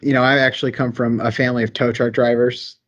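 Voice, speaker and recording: A man's voice: medium pitch, level tone, fast, lo-fi sound. Eager young Southern-accented man. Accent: Southern American. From rural American South. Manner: eager, enthusiastic, rambling storyteller. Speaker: guest, engineer. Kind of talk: casual podcast chat.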